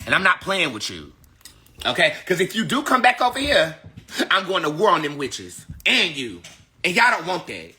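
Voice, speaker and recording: Animated, bright-voiced woman ranting bluntly. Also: sits low, normal speed. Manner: blunt, cussing, emphatic. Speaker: tarot reader. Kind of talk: livestream rant.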